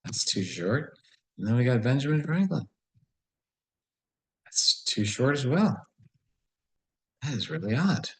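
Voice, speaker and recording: A man's voice: medium pitch, sing-song, measured pace, pauses often, darkish tone, poor audio. A man solving a word puzzle and thinking aloud in a casual, musing way, often questioning himself. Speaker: puzzle solver.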